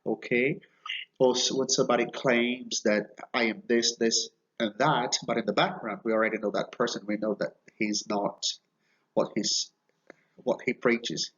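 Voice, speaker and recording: A man's voice: medium pitch, fairly even intonation, fairly bright tone. Man teaching idioms, slightly dull audio. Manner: slow, explanatory, repeats phrases and checks with "okay?". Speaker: Portuguese teacher. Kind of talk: video lesson explaining idioms.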